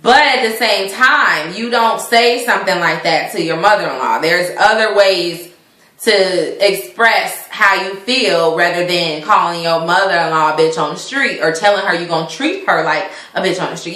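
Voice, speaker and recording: A woman recaps a reality show in a chatty, indignant way, full of fillers and restarts. Her voice is bright and sharp, and her home recording has a clear echo around it. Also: on the low side, normal speed. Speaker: vlogger reviewing a reality show. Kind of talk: casual opinionated recap.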